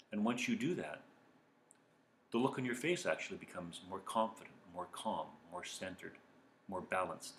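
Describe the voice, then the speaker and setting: A man giving calm, earnest self-help advice as a coach speaking to viewers. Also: sits low, normal speed, slight background noise. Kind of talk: motivational talk to viewers. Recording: echoey room.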